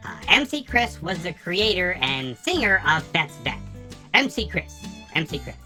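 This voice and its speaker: A woman's voice: fairly low pitch, very animated, unhurried, bright, forceful tone, soft background music. A woman hosting a quiz segment in a casual, teasing way, with chatty asides to her co-host.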